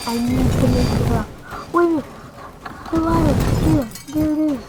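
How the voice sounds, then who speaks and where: High-voiced woman reacting to gameplay. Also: moderate pace, loud music behind the voice, rough recording. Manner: reacts aloud, talking to herself in alarm and relief. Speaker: gameplay commentator. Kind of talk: live gameplay commentary.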